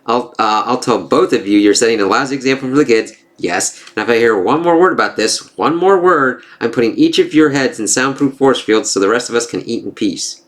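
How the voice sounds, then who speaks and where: A man's voice: mid-range voice, brisk. A man giving a casual spoken comic book review, loose and profane. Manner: casual, swears, laughs at the jokes.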